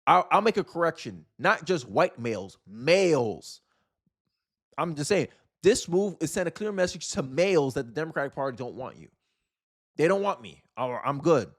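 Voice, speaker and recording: A man's voice: a little high, lively intonation, a little fast. Exasperated young man ranting commentary. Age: young adult. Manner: exasperated, rambling, frequent restarts. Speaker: commentary channel host. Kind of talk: casual political commentary.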